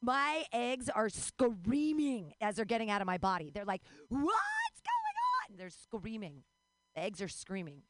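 At a moderate pace, a woman in her forties rambles on stage, making herself the butt of the jokes and suddenly letting out high yelps and laughs.

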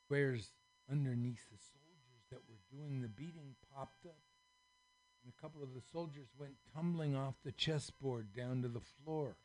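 A man's voice: mid-range voice, moderate pace. A man reading a children's story aloud on a radio show, acting out the characters. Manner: expressive, acts out the characters, varies loudness a lot.

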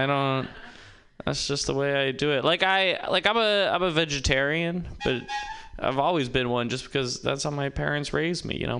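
A man's voice: mid-range voice, vocal fry, bright, forceful tone. A man doing a rambling stand-up comedy set, interrupting himself and laughing at his own jokes. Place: comedy open mic with live audience.

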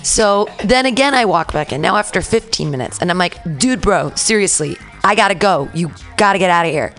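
A woman host telling an animated story on a radio talk show, acting out the quoted lines. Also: on the low side, a little fast, faint music behind. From San Francisco. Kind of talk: casual storytelling chat.

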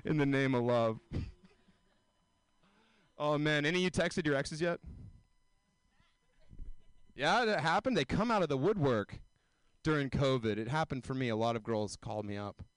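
A man in his twenties performing a self-mocking stand-up set, often jumping into high mocking voices. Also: normal speed, long pauses, clean tone, no room sound. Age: 20s. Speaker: stand-up comedian.

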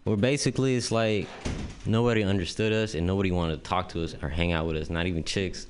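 A man's voice: deep voice, fairly even intonation, fast, slight background noise. A young man doing stand-up, telling a rambling, profane story full of "like" and "dude". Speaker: stand-up comedian. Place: comedy club stage.

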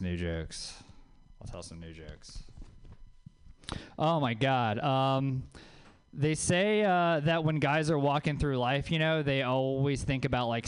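A man's voice: mid-range voice, clear, resonant tone. Dry, self-mocking stand-up comedian man. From Louisiana. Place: comedy club stage.

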